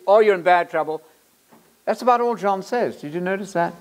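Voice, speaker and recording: A man's voice: high voice, fairly quick. A man giving a lecture-style sermon to an audience, joking and repeating words for emphasis as he reads quotes aloud. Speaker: Bible college lecturer.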